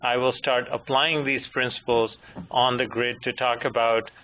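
A man's voice: medium pitch, little pitch movement. Man lecturing over a tinny phone line. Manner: measured, anecdotal, gently humorous. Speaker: moderator and presenter. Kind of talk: technical lecture. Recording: tinny phone-line audio with faint noise.

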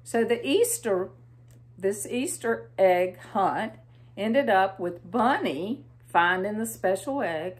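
A woman with a Southern American accent reading a storybook to children in a gentle, expressive way, asking them questions. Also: mid-range voice.

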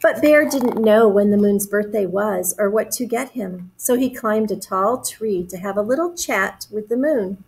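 A woman's voice: mid-range voice, vocal fry, slightly rough, poor audio. A woman reading a storybook aloud to young children, explaining words and asking them questions. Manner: warm, slow, encouraging, explains words.

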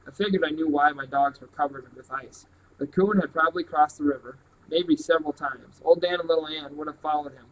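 A man reading a novel aloud in a plain, steady way. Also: a little high, a little fast, a little hiss or hum, low-quality recording. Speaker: reader.

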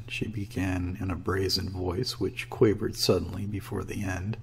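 A man narrating an audiobook of a classic short story. His voice is low and gravelly with a husky edge, and his storytelling is steady and even. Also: moderate pace.

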